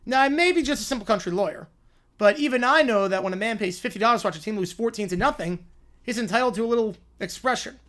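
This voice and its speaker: A man's voice: high voice, fast, fairly bright tone. A man voicing an earnest older country lawyer, speaking in a folksy Southern drawl as he speechifies to a jury. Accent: Southern US, put on.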